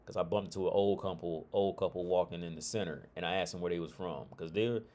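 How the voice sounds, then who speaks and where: A man's voice: low-pitched, steady tone, fast talker, hardly any pauses, a little mellow. A middle-aged man from Ohio chatting casually on a livestream, rambling and swearing with frequent restarts. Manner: rambling, profane, loose restarts. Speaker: streamer.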